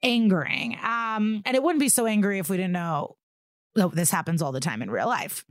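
A woman's voice: medium pitch, normal speed, no echo, clean studio sound. A woman co-hosting a podcast, recapping an episode in casual chat and acting out the characters' lines. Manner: animated retelling with acted-out quotes and swearing. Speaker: podcast co-host.

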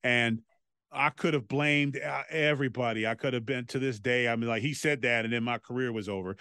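A man, a former wrestler, telling stories as a podcast guest in a loose, animated way and swearing freely. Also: mid-range voice, brisk, clear, resonant tone, no room sound, clean studio sound. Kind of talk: casual anecdotal storytelling.

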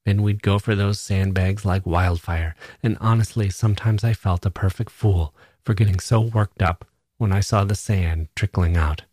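A man's voice: low-pitched, steady tone, moderate pace, few pauses, a little mellow, slightly rough, no room sound, studio quality. A man voicing a cheerful young soldier with a light, joking, offhand manner.

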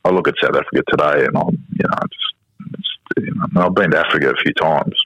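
A man in his fifties with an Australian accent, talking as a podcast guest and telling family stories, sometimes mimicking his small children in a high voice. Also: quick pace, fairly bright tone. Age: 50s. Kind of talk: casual interview chat. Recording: slightly dull podcast audio.

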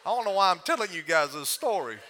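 A man giving a storytelling sermon as a guest preacher, animated and humorous, often breaking into laughter. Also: high-pitched, fast, a little hiss or hum.

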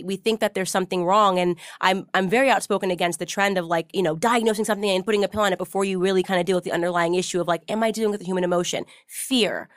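Fast-chatting female host, lively storyteller, close dry mic. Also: medium pitch, no room sound. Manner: animated storyteller, many fillers. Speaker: podcast host. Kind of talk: casual interview chat.

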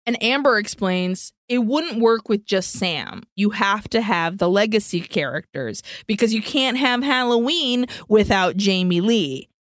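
A woman co-hosting a casual podcast, retelling a film's plot scene by scene with quick asides and blunt swearing. Her voice sits at a middle pitch and sounds close and dry on the mic. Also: lively intonation, dry recording. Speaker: podcast co-host. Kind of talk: casual movie recap chat.

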